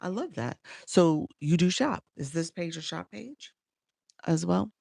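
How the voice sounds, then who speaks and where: A woman with a Chicago accent hosts a casual live-stream coaching session, chatting, laughing often and reading viewers' names aloud. Her lowish, darkish voice has a gravelly, fried texture, lively intonation and an unhurried pace, recorded close and dry with no room echo.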